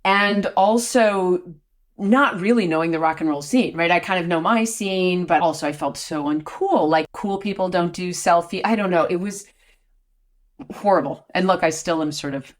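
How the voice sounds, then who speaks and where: A woman, an actor guest on a podcast, telling anecdotes in a lively way, stammering and laughing as she retells events. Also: lowish voice, normal speed.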